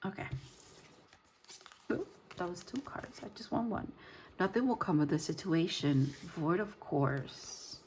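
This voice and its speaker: A woman's voice: lowish voice, expressive, unhurried, long pauses, a little mellow, slight background noise. A woman giving a casual tarot reading, rambling and searching for her words with frequent fillers. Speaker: tarot reader.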